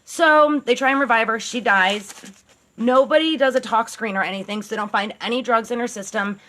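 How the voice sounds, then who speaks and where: A woman's voice: a little high, a little fast, a bit bright. A woman telling a true-crime story as a channel host, in a casual, blunt, sarcastic way, swearing now and then.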